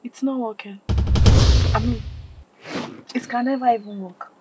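An actress playing a calm, firm young woman who reproaches her boyfriend. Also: a little high, measured pace, heavy background noise, natural voice. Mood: reproachful. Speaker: girlfriend. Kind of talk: film drama acting.

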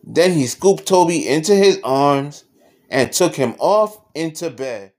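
A man's voice: on the high side, animated, unhurried, darkish tone. A man reading a children's picture book aloud as a bedtime story.

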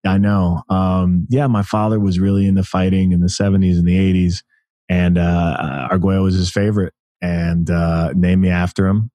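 An American man in his thirties, a podcast guest telling stories in an animated way, laughing often and restarting his sentences. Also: deep voice, moderate pace, no room sound. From United States. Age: 30s. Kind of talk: casual interview conversation.

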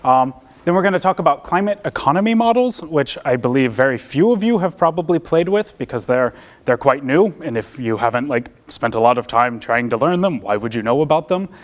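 A man's voice: medium pitch, lively intonation, fairly quick. Young American male presenter, informal academic delivery, self-deprecating and chatty. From United States. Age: young adult. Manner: casual, self-deprecating, many fillers and restarts. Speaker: seminar presenter. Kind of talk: academic seminar talk. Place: lecture room.

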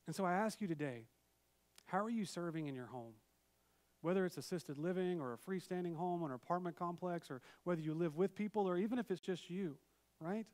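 Man, pastor, sermon, chatty storytelling, fairly high voice, church service. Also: a little fast, a little mellow. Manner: conversational storytelling with asides. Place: church sanctuary, virtual service.

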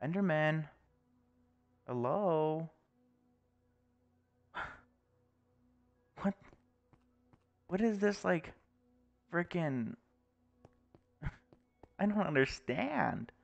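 A man's voice: fairly high pitch, lively intonation, drawn-out words, gravelly, pauses often, dull audio, soft background music. Jittery young man narrating a game. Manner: jittery, exclaims and laughs nervously. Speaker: gaming YouTuber. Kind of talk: Let's Play commentary.

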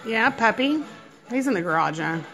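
A young woman at home feeding her son, filmed on a phone, switching between soft murmured questions and high cheerful praise. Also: lively intonation, normal speed, over music. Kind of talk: casual home video chat.

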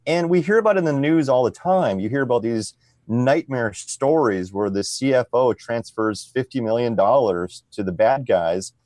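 A man's voice: medium pitch, animated, normal speed, a little mellow, dry recording, studio quality. A man speaking as a podcast guest, explaining at an easy pace and often tagging his sentences with "right?". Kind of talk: conversational interview.

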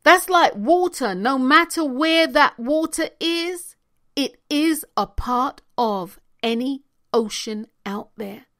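A woman speaking as a spiritual coach offers her viewers a motivational talk, hiccuping along the way. Her high-pitched, fairly bright voice is animated and slow, and she repeats key phrases emphatically, sometimes nearly whispering.

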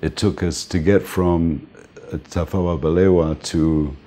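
An older man interviewed as a music manager, telling relaxed stories and often laughing and saying "man". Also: deep voice, a little slow. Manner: relaxed, reminiscing, often says "man", laughs between points. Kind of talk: casual storytelling interview.

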